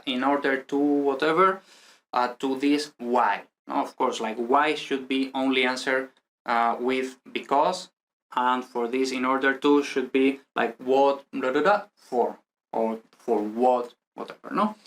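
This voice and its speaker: A man explains basics to beginners in an easygoing, conversational way. He keeps checking in with listeners through little tag questions and loose fillers. His pitch sits in an ordinary middle range. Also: unhurried. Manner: relaxed, chatty explaining with frequent tag "no?". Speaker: Spanish teacher. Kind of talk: explanatory online language lesson.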